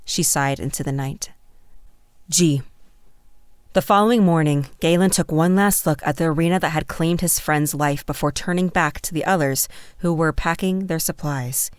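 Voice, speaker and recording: Low-voiced woman narrating a fantasy audiobook. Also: moderate pace, no echo.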